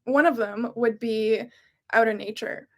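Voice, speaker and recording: Fairly high-voiced woman hosting a podcast. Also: steady tone, unhurried. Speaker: podcast host. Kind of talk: casual interview chat.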